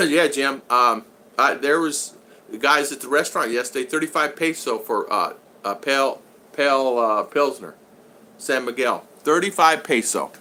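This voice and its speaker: Bright-voiced older man chatting. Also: medium pitch, unhurried. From United States. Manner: rambling anecdotal storyteller with frequent restarts. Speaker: vlogger reading live chat. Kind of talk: casual livestream chat.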